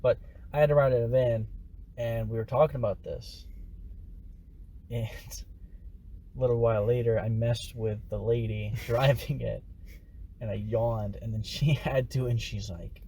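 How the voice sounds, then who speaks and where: A man's voice: mid-range voice, fairly even intonation, measured pace, long pauses, mellow, slight background noise. A young man co-hosting a podcast, rambling casually and laughing often. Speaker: podcast co-host. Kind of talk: casual chat.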